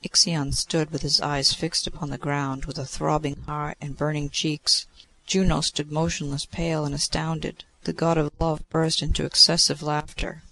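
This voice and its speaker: A man narrating a classic story aloud in a measured, expressive way. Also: a little high, vocal fry.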